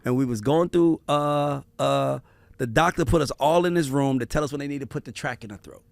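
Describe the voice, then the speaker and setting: A man hosting a casual family conversation, telling stories in an animated, profane way. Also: mid-range voice, a little fast, creaky, no room sound. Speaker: podcast host.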